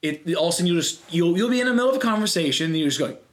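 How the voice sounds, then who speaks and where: A young man co-hosting a podcast in casual chat, animated and laughing often. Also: a little high, racing, a crowd in the background. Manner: animated, laughs often, trails off mid-sentence. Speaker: podcast co-host.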